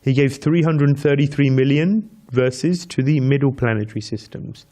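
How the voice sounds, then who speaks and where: A man's voice: mid-range voice, moderate pace, mellow. A man giving a devotional scripture class, telling a story with repeated counting and chanting Sanskrit verses, laughing lightly with his listeners. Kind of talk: devotional lecture.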